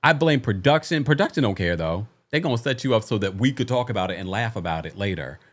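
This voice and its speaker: Animated exasperated male recap host. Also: on the low side, fast talker. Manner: animated, exasperated, laughing asides. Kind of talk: casual commentary.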